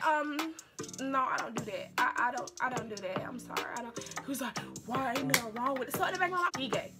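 Animated young woman telling a storytime vlog. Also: high-pitched, fairly quick, over loud music. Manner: animated, dramatic retelling with repeated phrases. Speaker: vlogger.

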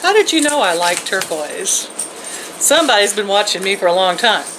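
A woman's voice: mid-range voice, sing-song, normal speed, a bit bright, slight background noise, low-quality recording. An older woman chatting casually to her viewers from home in a folksy way, laughing often and talking to her pets. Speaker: vlogger. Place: home, indoors and out in her yard.

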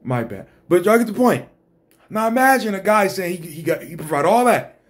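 A man's voice: high-pitched, animated, normal speed. A man hosting an exasperated ranting commentary, blunt and profane. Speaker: host.

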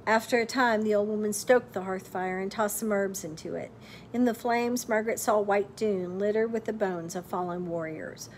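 A woman reads a storybook aloud with expressive narration, pausing to ask her listeners questions like a teacher. Her voice sits in an ordinary middle pitch. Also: slight background noise. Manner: expressive, pauses to quiz listeners.

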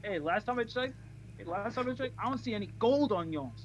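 High-voiced man on dull voice chat. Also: lively intonation, a little fast, slight background noise. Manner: teasing, nagging, repeats himself. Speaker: fellow player. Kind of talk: casual gaming banter.

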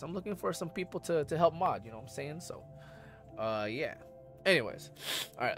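An excitable man chats with his viewers while he plays a game on a live stream. His bright voice leaps up and down in pitch, jumping from mumbled asides to loud cries, with faint game music behind him. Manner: excitable, chatty, loud outbursts then mumbling. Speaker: gaming streamer. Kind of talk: live gameplay stream chat.

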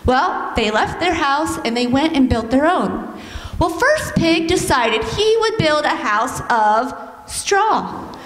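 High-voiced woman telling children a story. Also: slow pace, slight background noise. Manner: animated, coaxing, leads children in call-and-response. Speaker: children's church teacher. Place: church sanctuary. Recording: echoey hall, heard from some distance.

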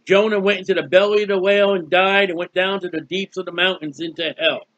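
A man's voice: sits high, steady tone, fast talker, a bit bright, no echo, highs cut off. A man preaching a Bible teaching sermon in a folksy, emphatic way, asking questions and answering them himself.

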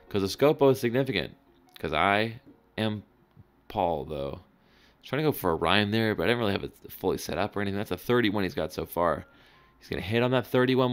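A man giving excitable, joking live commentary over gameplay, with sudden high-pitched exclamations. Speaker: gaming channel host.

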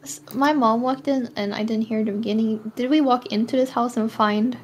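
A woman's voice: a little high, fairly even intonation, moderate pace, a little hiss or hum. A woman, a tabletop player, speaking casually and hesitantly. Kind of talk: casual game chat.

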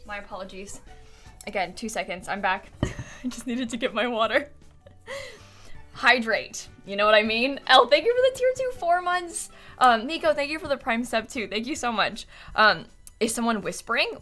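A woman's voice: fairly high pitch, very animated, moderate pace, pushed and bright, soft background music. A young woman streamer chatting casually from her room at home, giggling often and apologizing a lot as she rambles. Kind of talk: casual live-stream chat.

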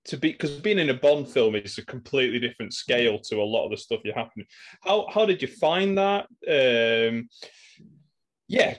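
A man interviewing an actor, asking enthusiastic, admiring questions. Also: fairly high pitch.

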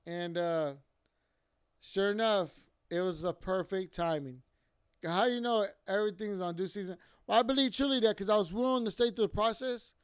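A man's voice: high-pitched, moderate pace, clean tone. A young man giving a casual spoken testimony at church, rambling along with many fillers and asides.

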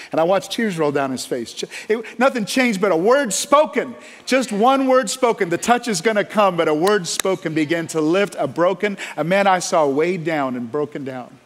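A man preaching a sermon as pastor, telling stories with passion and swinging between loud and hushed delivery. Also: high-pitched, lively intonation, normal speed. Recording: long hall reverb.

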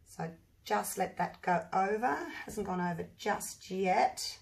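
Husky-voiced woman chatting while she paints. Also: medium pitch, slow pace. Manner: chatty, thinks aloud, bursts into excited exclamations. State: husky voice from allergies. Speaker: acrylic pour artist. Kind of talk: casual demonstration while working.

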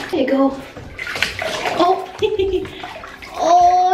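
High-voiced bubbly woman vlogging. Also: lively intonation, extremely slow, darkish tone, faint music behind. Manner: bubbly, coos at her puppy. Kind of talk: casual vlog chat.

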